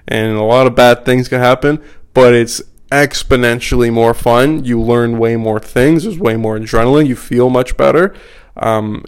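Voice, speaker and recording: A man's voice: mid-range voice, gravelly, clean tone. A man hosting a solo podcast from home, talking bluntly and profanely, hammering points through repetition. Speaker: podcast host.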